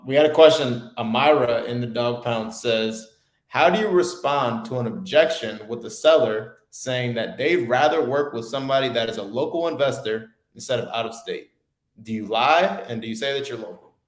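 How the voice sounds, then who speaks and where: A man's voice: medium pitch, lively intonation, moderate pace. A man co-hosting a casual real estate talk show, laid-back and slangy, laughing easily as he talks. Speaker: co-host. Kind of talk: casual podcast chat. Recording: roomy echo.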